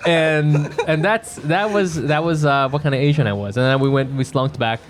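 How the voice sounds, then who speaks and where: Animated man co-hosting a podcast. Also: fairly high pitch, moderate pace. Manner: animated storyteller who acts out his own yelling. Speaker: podcast co-host. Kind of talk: casual chat, telling a story. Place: home bedroom used as a quiet room.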